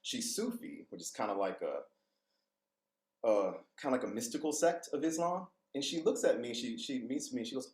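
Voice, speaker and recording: A man's voice: medium pitch, expressive, normal speed, a little mellow, echoey room, poor audio. A man, a vocal coach, telling candid personal stories as a podcast guest, laughing and swearing freely. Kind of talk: casual storytelling interview.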